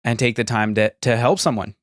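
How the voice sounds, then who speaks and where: A young man from the United States, co-hosting a podcast and telling a story in a casual, animated way. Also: medium pitch, a little fast, no echo, clean studio sound. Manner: storytelling, animated, acts out quoted people. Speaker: podcast co-host.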